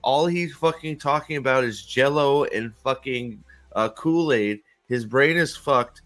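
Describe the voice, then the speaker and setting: A streamer hosting his channel goes on a casual, rambling rant, swearing a lot, restarting sentences and repeating words. His voice is fairly high and expressive, and he takes his time.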